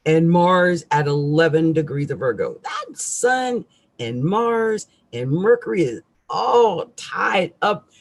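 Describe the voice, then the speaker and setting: Husky middle-aged woman ranting live about astrology, pitch jumping all over, irritable. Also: big pitch swings, slow. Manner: ranting, irritable, swings between loud outbursts and quiet asides. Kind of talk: live-streamed rant.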